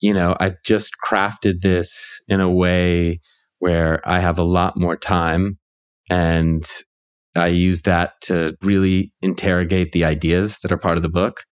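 Male author guest, low-set voice, thinks aloud with lots of "like" and "you know". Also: flat delivery, slow, clean tone. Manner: reflective, talks through ideas with many fillers. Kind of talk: casual conversation.

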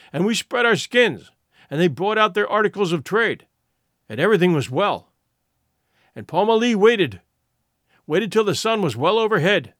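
A man's voice: high voice, fairly bright tone, no room sound, clean studio sound, exaggerated voice. A man voicing a wounded male warrior who tells a grim story of battle with fierce, boastful proclamations.

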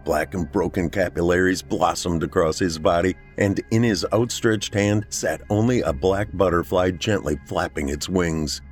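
Deep-voiced man narrating a horror tale. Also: normal speed, hardly any pauses, faint music behind. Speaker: podcast host and narrator. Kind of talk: scripted horror story narration.

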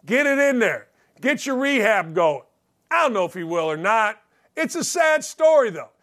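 A man's voice: extremely high pitch, big pitch swings, normal speed, a bit bright. A middle-aged man hosting a sports talk show, delivering a blunt, sarcastic monologue and swearing freely. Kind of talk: opinionated sports commentary monologue.

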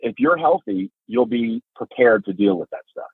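Expressive and moderately paced, a husky middle-aged man speaks in a podcast conversation over a dry, phone-like line. He's a guest whose son has epilepsy, and his storytelling is earnest and emphatic, rising in pitch at emotional moments.

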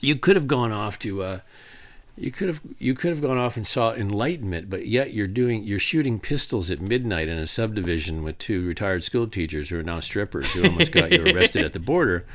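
A man's voice: lowish voice, very animated, a little fast, a bit bright. A middle-aged man telling a rambling anecdote to an audience, with many restarts and fillers. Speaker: author giving a talk.

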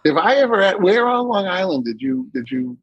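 A man's voice: high-pitched, sing-song, fairly quick, dull audio. A middle-aged man from Massachusetts with a Boston accent, telling stories in a casual podcast chat. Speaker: guest actor.

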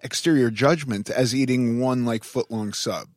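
A man's voice: mid-range voice, moderate pace, no echo, studio quality. Male podcast host chiming in. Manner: laughs along, chimes in with short agreements. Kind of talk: casual chat.

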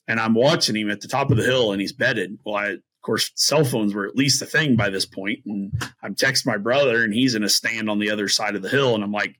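A man's voice: lowish voice, fast talker. A man from the Midwest telling long, rambling hunting stories as a podcast guest, full of fillers and restarts, and acting out the voices he quotes. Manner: animated, acts out quoted voices. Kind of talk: casual storytelling.

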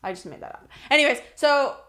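A young woman co-hosting a podcast, telling a story in a casual, animated and profane way. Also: high voice, fast talker. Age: young adult. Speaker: podcast co-host. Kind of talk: casual chat.

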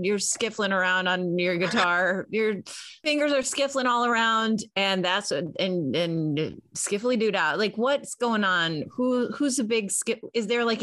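A woman's voice: medium pitch, fairly bright tone, no room sound. Chatty woman, dry sound. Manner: chatty, playful, thinks aloud with many fillers. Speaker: podcast co-host. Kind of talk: casual music chat.

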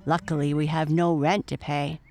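A woman's voice: deep voice, flat delivery, normal speed, darkish tone, dry recording, soft background music. A woman voicing a kindly, worried Irish widowed mother with homely, lilting speech in a storybook reading. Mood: gentle.

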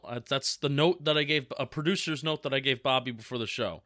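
A man's voice: mid-range voice, fairly even intonation, brisk, hardly any pauses, bright, forceful tone, dry recording. Man, podcast co-host, easygoing, dry close mic. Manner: easygoing, laughs while telling stories. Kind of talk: casual podcast chat.

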